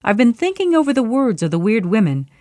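A woman's voice: fairly high pitch, sing-song, brisk, mellow, no echo, studio quality, pitched above the performer's own voice. A woman doing a restless, uneasy nobleman. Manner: murmuring, uneasy.

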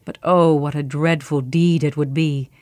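A woman's voice: low voice, fairly even intonation, a little slow, a little mellow, no echo, voice pushed down. A woman voicing an anxious, wavering nobleman in a storybook reading, often mumbling and fretful. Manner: mumbling, fretful, at times urgent.

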